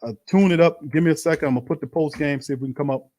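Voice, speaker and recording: A man's voice: on the high side, very fast, a little mellow. A man hosting a live-stream watch party, commenting bluntly on a loss and calling his viewers fam. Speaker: sports show host.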